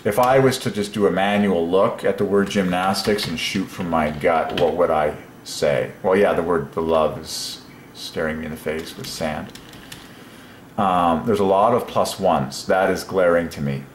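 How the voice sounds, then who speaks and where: A man with a slightly low voice talks through puzzles by himself, marveling aloud and chuckling as he goes. The room around him is roomy and echoey, with a faint hum of ambience underneath. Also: moderate pace. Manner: enthusiastic, marvels aloud, chuckles between points. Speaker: solo presenter of word-number puzzles. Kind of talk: excited thinking-aloud monologue.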